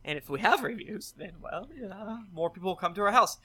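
A man's voice: sits high, animated, fairly quick, few pauses, bright, forceful tone, slightly rough. Jokey male podcast host. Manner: jokey, self-mocking. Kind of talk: casual chat, reading listener reviews.

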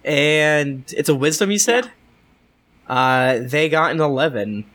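A man's voice: on the high side, animated, slow pace, a bit bright, a little hiss or hum. A man narrating as game master in a tabletop game, rambling with lots of filler and chuckles.

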